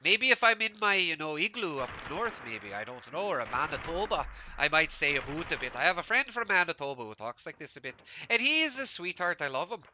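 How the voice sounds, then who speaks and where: Male game streamer from Canada, rambling casual chatter, voice on the high side, very bright tone. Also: big pitch swings, a little fast, hardly any pauses, a little hiss or hum. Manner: rambling, laughs often, heavy use of "like". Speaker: gaming streamer. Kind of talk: casual chat while live-streaming a game.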